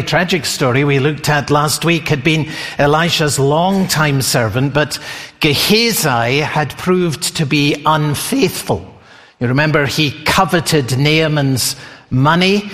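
A man's voice: on the high side, fairly bright tone. A man preaching a sermon, telling the story expressively and asking his listeners questions. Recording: long hall reverb.

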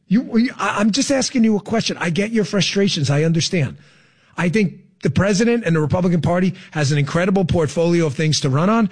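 Man, radio talk host, sarcastic ranting, high voice, very animated pitch. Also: fast talker, slightly rough. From Florida resident. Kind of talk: political commentary.

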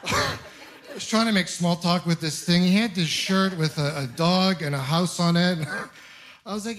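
A man's voice: sits high, brisk, background noise. Self-mocking man doing stand-up. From Ontario, Canada. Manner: rambling, self-mocking storytelling with acted asides. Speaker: stand-up comedian. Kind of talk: stand-up comedy set. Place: comedy club with laughing audience.

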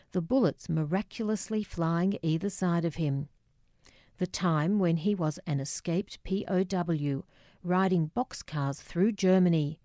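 Slow, low-voiced woman narrator. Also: no echo, clean studio sound. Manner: measured, quietly emotional storytelling with dialogue. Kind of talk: memoir reading.

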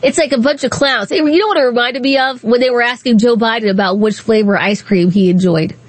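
A woman's voice: on the high side, fairly quick, no echo. A woman hosting a political talk show, delivering a sarcastic, mocking commentary monologue and laughing at her own jokes.

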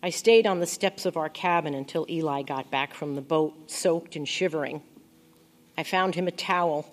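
In first-person audiobook narration, a woman with a slightly low voice speaks softly and reflectively. Her reading feels intimate, staying close and never rushed.

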